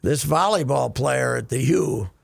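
Gravelly animated radio host, a man. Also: medium pitch, unhurried. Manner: rambling, animated, laughs often. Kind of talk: casual sports talk chat.

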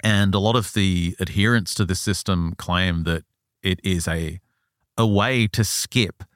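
A man with a fairly low voice, recorded close and dry on a studio mic. He talks in a relaxed, chatty way, retelling a story for a podcast and now and then putting on the voices of the people in it. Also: a little slow, dry recording. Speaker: podcast host. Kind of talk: casual storytelling chat.

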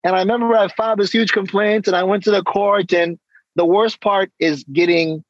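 A man guest on an interview, casually telling stories and acting out exchanges with lively energy. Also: high-pitched, moderate pace, no room sound, muffled recording. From San Diego, California. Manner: animated storytelling, acts out exchanges. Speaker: guest, hip-hop artist and coach.

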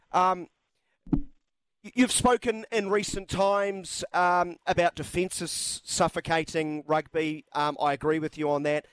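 A man hosting a radio sports talk show, asking measured questions with frequent "um"s. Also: sits high, steady tone, a bit bright, clear, resonant tone, dry recording, low-quality recording. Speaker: radio host.

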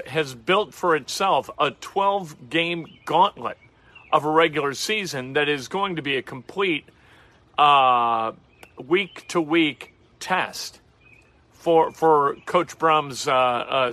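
A man's voice: on the high side, slow, sharp tone. A man hosting a sports talk show, giving emphatic, chatty opinions and often repeating words as he restarts. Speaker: sports radio host.

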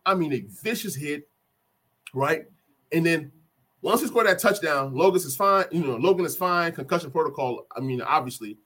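A man giving an animated fan recap of a football game, repeating key moments for emphasis. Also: on the high side, normal speed. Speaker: sports fan vlogger.

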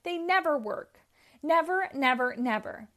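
A woman voicing a whiny villain inventor man who bursts into shrill, theatrical outbursts in a storybook reading. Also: expressive, unhurried, pushed and bright, heavily acted. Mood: tantrum.

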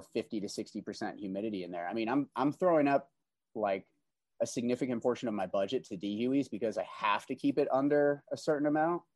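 A man's voice: mid-range voice, darkish tone, no room sound. A man talking casually about his greenhouse grow, laid-back and slangy, with many restarts. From California. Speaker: greenhouse grower. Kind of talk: casual podcast chat.

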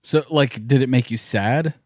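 A man's voice: medium pitch, moderate pace, dry recording, clean studio sound. A young man co-hosting a podcast in casual chat, dropping short wisecracks and puns. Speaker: podcast co-host.

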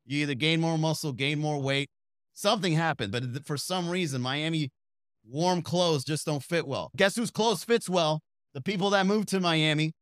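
Higher-pitched man riffing comedically. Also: normal speed, no echo, clean studio sound. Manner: animated, acts out quoted people in exaggerated voices; conversational, rhetorical questions to listeners. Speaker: comedy podcast host. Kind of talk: solo comedic riffing monologue.

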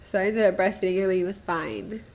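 A woman's voice: medium pitch, fast talker, a little mellow, slight background noise. A young woman hosting a casual solo podcast, rambling and profane, self-deprecating, with nervous laughs. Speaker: podcast host.

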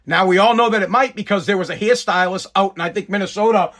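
A man's voice: high voice, quick pace, fairly bright tone. A man giving a profane, angry rant, blunt and sarcastic in his commentary.

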